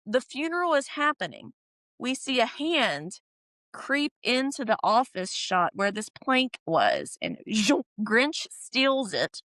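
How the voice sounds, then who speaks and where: Animated woman podcast co-host. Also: medium pitch, dry recording. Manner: animated, laughs often, acts out characters' lines. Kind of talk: casual TV recap chat.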